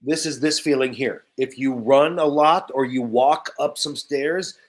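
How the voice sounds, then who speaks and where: A man's voice: medium pitch, a little slow. A man teaching English vocabulary to learners, speaking simply and repeating each key word. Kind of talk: slow, clear ESL vocabulary lesson.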